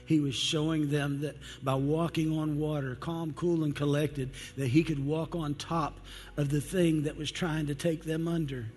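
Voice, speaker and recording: A man preaching an evening sermon, emphatic, slowing down for dramatic quoted lines. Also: fairly high pitch, flat delivery, darkish tone, husky. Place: church sanctuary. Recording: long hall reverb with faint music.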